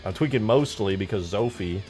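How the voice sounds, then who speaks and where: A young man hosting a casual livestream, hyper and jokey, often bursting into loud shouts. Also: on the low side, fairly quick, soft background music. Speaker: livestream host and game modder.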